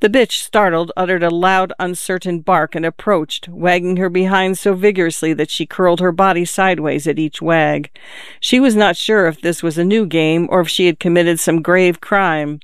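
An audiobook narrator reading a literary novel in a measured, even storytelling manner. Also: mid-range voice, clean tone, dry recording, clean studio sound.

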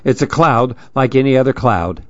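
A man voicing a fussy, busy male pigeon in a storybook reading, talking in brisk, impatient huffs. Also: mid-range voice, expressive, no room sound, lo-fi sound, natural voice. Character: fussy, huffy male pigeon, always rushing. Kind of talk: storybook read-aloud.

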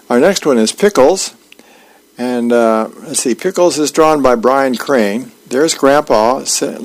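A man reading the newspaper aloud on a radio reading service, plain and unhurried with small slips and fillers. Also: mid-range voice, vocal fry, rough recording. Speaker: volunteer newspaper reader.

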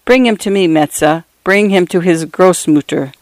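A woman's voice: on the low side, moderate pace, a little mellow, dry recording, natural voice. A woman reading aloud, voicing a dead old grandmother who speaks soothingly through her grieving daughter.

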